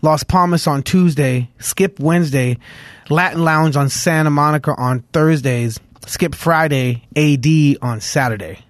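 A man's voice: on the high side, a little slow, no room sound. A man from Los Angeles, a musician guest, telling stories in a casual interview, with lots of fillers and restarts. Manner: rambling storytelling with many fillers.

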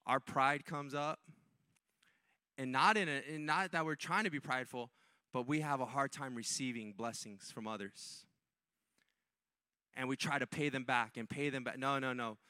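A man's voice: medium pitch, a little slow, long pauses, bright, forceful tone, no room sound, clean studio sound. A man preaching a sermon in a church, in a repetitive call-and-response way that rises to impassioned peaks. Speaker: pastor.

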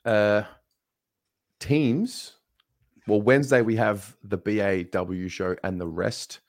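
A man co-hosting a football fan show, relaxed and calm as he steers it along and reads out announcements. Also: lowish voice, slow pace, dry recording, studio quality. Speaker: co-host. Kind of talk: casual show chat and announcements.

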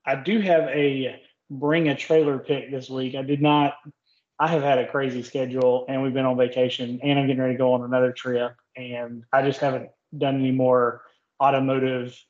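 A man with a Southern US accent, co-hosting a casual car podcast in a relaxed, joking way with many fillers. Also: mid-range voice. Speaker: podcast co-host. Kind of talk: casual chat. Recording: dull lo-fi sound.

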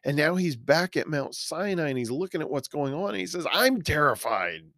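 A man who is a pastor, teaching a verse-by-verse Bible study in an earnest, explanatory way and pausing now and then to find his words. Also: fairly high pitch, dry recording, studio quality.

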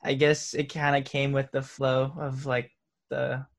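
Gravelly laid-back man. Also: mid-range voice, monotone, a little slow. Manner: laid-back, laughs often, many fillers. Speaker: interviewed musician. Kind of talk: casual interview answers.

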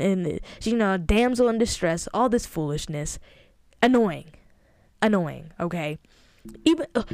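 A woman's voice: medium pitch, darkish tone, smooth, no echo, clean studio sound. A young adult woman hosting a podcast, reviewing a TV episode in a chatty, emphatic way with exasperated asides. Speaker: podcast host. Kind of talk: casual TV review monologue.

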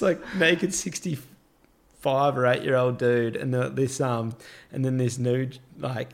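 A man's voice: mid-range voice, fairly even intonation, measured pace, creaky, a little hiss or hum. A man telling a long anecdote in casual chat, rambling with many fillers and laughing as he goes. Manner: rambling, filler-heavy, laughs through his story. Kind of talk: casual storytelling.

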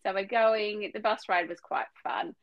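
Woman co-host, mid-pitched, lively, jumps in to continue the story. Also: moderate pace, dry recording, highs cut off. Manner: lively, chiming in with laughs. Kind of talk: casual chat.

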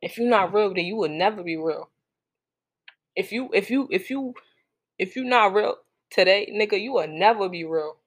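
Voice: mid-range voice, moderate pace, pauses often. Blunt, profane monologue speaker. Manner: blunt, profane, repetitive, heavy slang. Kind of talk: casual unscripted monologue.

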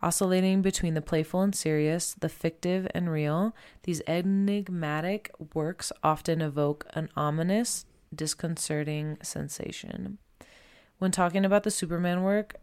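A woman's voice: sits low, a little mellow, clear, resonant tone. A woman presenting art in casual chat, chatty, laughing often and saying "like" a lot.

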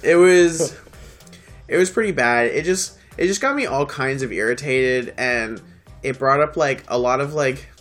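A young man co-hosting a casual podcast chat, animated and profane as he retells scenes. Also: mid-range voice, moderate pace, faint music behind. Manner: animated, swearing, acts out scenes. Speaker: podcast co-host.

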